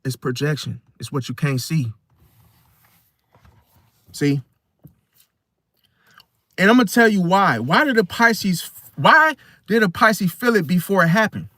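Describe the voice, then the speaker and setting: A man's voice: sits high, very animated, unhurried, long pauses, pushed and bright, no echo, clean studio sound. A man, talking through a casual, preachy monologue about star signs and acting out other people's voices. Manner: preachy, acts out voices of others, repeats "see?" and "right?". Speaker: astrology commentator.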